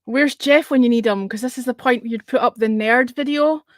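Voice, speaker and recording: A woman chatting casually on a podcast, tripping into quick restarts. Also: on the high side, no room sound, studio quality. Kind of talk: casual chat.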